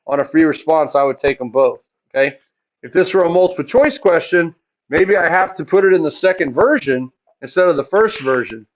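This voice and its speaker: Chatty high-voiced male math teacher. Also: brisk, lo-fi sound. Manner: chatty, asks questions then answers them, jokes. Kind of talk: classroom math lecture. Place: classroom.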